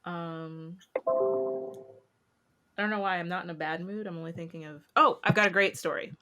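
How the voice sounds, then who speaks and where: Bright-voiced young woman telling stories. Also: moderate pace, faint music behind. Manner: animated storyteller, acts out quotes in a high voice. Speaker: podcast co-host. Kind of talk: casual storytelling chat.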